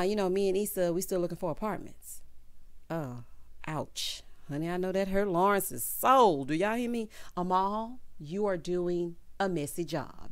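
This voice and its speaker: Woman, sassy recap vlog, very animated pitch, dry close sound. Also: no echo. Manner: sassy, laughs loudly, acts out characters' lines. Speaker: TV recap vlogger. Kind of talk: casual TV recap commentary.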